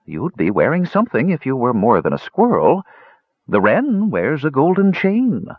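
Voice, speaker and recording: A man's voice: medium pitch, wildly swooping pitch, moderate pace, breathy edge, no echo, voice pushed up. A man doing a sly lazy tabby cat. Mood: wry. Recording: slightly dull lo-fi recording.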